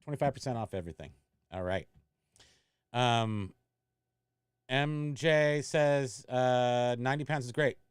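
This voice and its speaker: A man's voice: mid-range voice, clear, resonant tone, no echo, studio quality. A man hosting a casual resale livestream, telling a rambling, self-mocking story while reading chat. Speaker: eBay reseller hosting a livestream.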